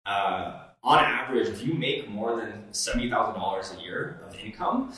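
A man's voice: fairly low pitch, normal speed, bright, forceful tone. A man talks in an earnest, coaching way on a casual podcast, with plenty of fillers and restarts. His voice sits in the middle range. He is recorded from a distance in a very echoey room. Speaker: podcast co-host.

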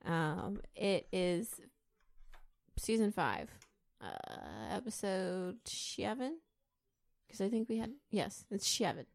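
A woman hosts a loose podcast chat in a playful, drawling way. She speaks slowly, stretching her words, with an average pitch for a woman. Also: lively intonation. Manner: playful, drawling, laughs between lines. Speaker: podcast host. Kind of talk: casual podcast banter.

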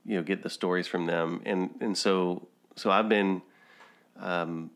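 Deep-voiced man telling a family story. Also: fairly even intonation, measured pace, fairly bright tone. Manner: rambling, chuckles while telling anecdotes. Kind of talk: casual conversational storytelling.

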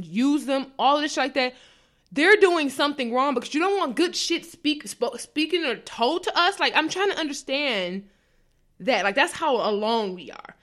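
A young woman co-hosting a podcast, ranting heatedly and profanely, often mimicking the people she criticizes. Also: on the high side. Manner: animated, profane, mocking quoted voices. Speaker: podcast co-host. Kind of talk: heated casual rant.

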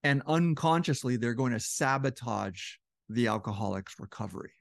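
In a clean, echo-free studio recording, a man with a creaky mid-range voice and lively intonation explains relationships casually at normal speed. This relationship educator often acts out quoted partners with shifting voices, and his voice sounds a little strained.

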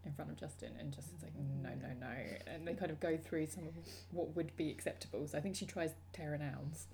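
A woman co-hosting a casual book podcast, chatting warmly and reading aloud, laughing readily. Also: low voice, steady tone, fast, background noise. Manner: reads passages aloud with playful accents, laughs readily. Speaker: podcast co-host.

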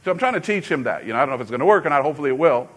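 A middle-aged man, a pastor, preaching a sermon in a conversational, storytelling way with sudden loud emphasis. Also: a little high, lively intonation, racing.

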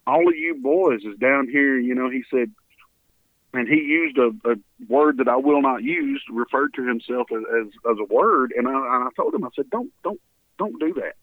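A man's voice: medium pitch, sing-song, moderate pace, gravelly, dry recording. A man with a Texan accent, a guest on a radio interview, telling a story earnestly and voicing the people in it with feeling. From Texas. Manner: earnest storyteller, voices his quotes with feeling. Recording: dry, tinny phone line.

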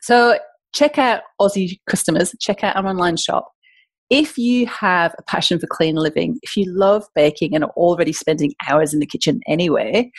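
A chatty woman with a northern English accent, hosting a casual podcast. Her voice sits fairly low and the recording is dry and close, with no room sound. She talks in an animated way and catches and corrects herself mid-sentence. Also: dry recording. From north of England. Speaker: podcast host.

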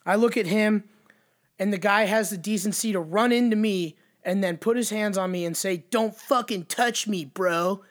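A man telling a bar story in a casual chat, profane, animated and emphatic. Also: sits high, normal speed.

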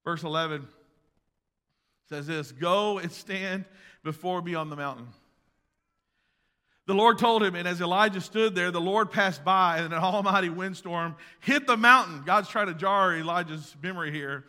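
Male pastor, high voice, swings from loud emphasis to hushed asides, church hall with long reverb. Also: normal speed. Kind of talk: sermon. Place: church sanctuary.

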